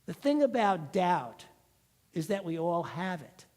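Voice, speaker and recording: A man giving a sermon as pastor, telling a story in a lively, conversational way. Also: high-pitched, a little slow.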